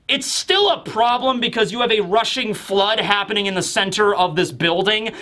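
A man giving a casual, chatty recap of a manga chapter, with animated asides. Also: high-pitched. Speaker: manga review YouTuber. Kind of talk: casual commentary.

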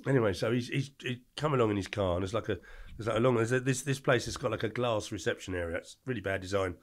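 An older man, telling colourful anecdotes as a podcast guest in an animated, slangy way. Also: lowish voice, fast. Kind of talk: storytelling interview.

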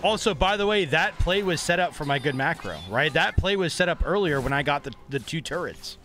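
A young man's slightly high, sharp voice comes across animated and fairly quick as he narrates his own game on a live stream. Casual and chatty, he jokes with his chat and throws in mock-angry trash talk for fun.

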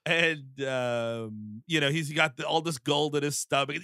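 Gravelly bright-voiced male podcast host. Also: fairly high pitch, fairly even intonation, a little slow, no echo, studio quality. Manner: recaps the plot, swearing, laughing. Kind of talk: casual comedy podcast chat.

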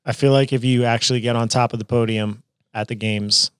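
A man's voice: mid-range voice, steady tone, fairly quick, clear, resonant tone, no echo. Give me a laid-back man hosting a podcast in a dry, close recording. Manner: laid-back, steering the talk with questions. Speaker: podcast host, coach. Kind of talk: casual podcast chat.

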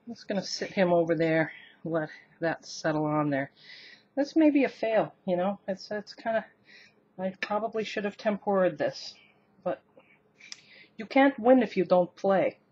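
A cooking vlogger films a casual demo in her home kitchen, rambling, self-deprecating, and laughing often as she talks to the camera, which sits on the counter and later becomes handheld. Her voice is on the low side, expressive and darkish, slightly rough, at a moderate pace with lo-fi sound.

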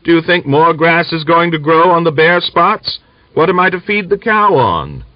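A man voicing a sharp-tongued, resentful old village woman in a read-aloud novel. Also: fairly high pitch, expressive, normal speed, dry recording, muffled recording, voice pushed up, natural voice. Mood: grudging. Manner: scolding, resentful.

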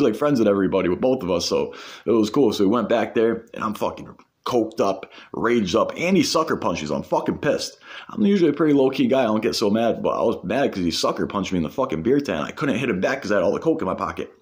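A man telling a personal story in a casual, rambling way, heavy on swearing and "like". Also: fairly low pitch. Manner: profane, rambling, full of "like".

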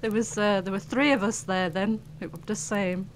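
A woman playing a co-op game with friends, playful and quick to laugh. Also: medium pitch, steady tone, a little hiss or hum. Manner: giggly, playful. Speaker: co-op game streamer. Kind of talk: casual gaming chat.

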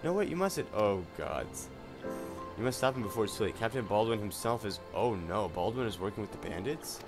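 A man voicing a small, earnest, excitable male soldier in a game, stammering and flustered. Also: fairly low pitch, brisk. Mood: panicked. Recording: game music loud underneath.

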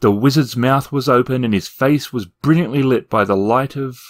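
A man reading a fantasy novel aloud with expressive storytelling and wry asides. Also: mid-range voice, moderate pace. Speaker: narrator and reviewer.

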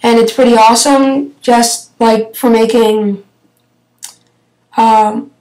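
A young female vlogger chats about her favourite apps in a hesitant, filler-heavy way. Her voice sits a little high, and she talks slowly. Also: darkish tone, poor audio. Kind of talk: casual app review.

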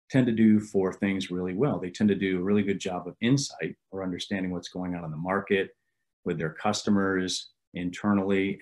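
A man's voice: sits low, darkish tone. A man presenting a business webinar as a sales consultant, talking conversationally and repeating words as he goes. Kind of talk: business webinar talk with anecdotes.

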